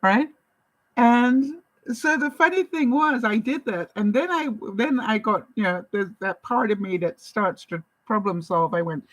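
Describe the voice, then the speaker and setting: Lady vlogging, chatty story mode, kinda high voice, dry close mic. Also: measured pace, dry recording, poor audio. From Canada. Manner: animated, chatty, laughs often while telling stories. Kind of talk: casual storytelling to camera.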